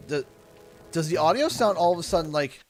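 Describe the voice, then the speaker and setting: A man's voice: a little high, lively intonation, brisk, soft background music. A man in his thirties chatting casually while livestreaming a game, a chatty storyteller who laughs and acts out voices. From Canada. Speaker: livestreaming gamer.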